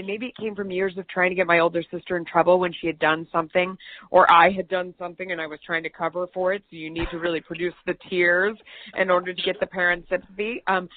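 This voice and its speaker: A woman's voice: medium pitch, no echo. A woman, a TV news host, telling chatty, self-deprecating stories as an interview guest. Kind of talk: conversational storytelling. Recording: tinny phone-like line, dry.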